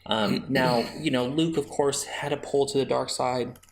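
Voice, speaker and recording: A man's voice: medium pitch, unhurried, creaky, crowd noise. A man hosting a podcast, making his case in a chatty, argumentative way with many restarts. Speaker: podcast host. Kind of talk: casual fan discussion.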